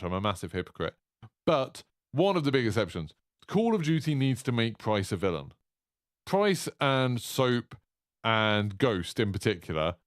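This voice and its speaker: A young man hosting a solo gaming podcast, talking in animated, opinionated rambles full of "like" and restarts. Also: fairly low pitch, no room sound, clean studio sound. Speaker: podcast host.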